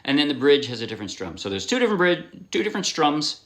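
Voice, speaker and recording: A man gives a casual ukulele lesson, talking loosely and ramblingly, often restarting sentences and apologizing as he explains, with ukulele playing in the background. His fairly high voice is sing-song and fast, heard over loud music.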